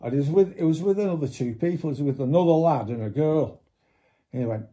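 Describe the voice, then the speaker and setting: A man with a dark, mellow voice spins a rambling road-trip anecdote in easy conversation. He swears often and slips into the voices of the people he quotes. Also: fairly high pitch, fast talker. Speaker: storyteller. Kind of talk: casual anecdote.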